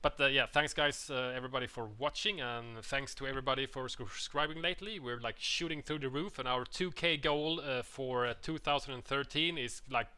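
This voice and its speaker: A man casting a video game match with a co-host in casual, relaxed commentary, his voice often dropping quietly at the end of phrases. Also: mid-range voice, fairly quick, few pauses, smooth. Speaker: shoutcaster.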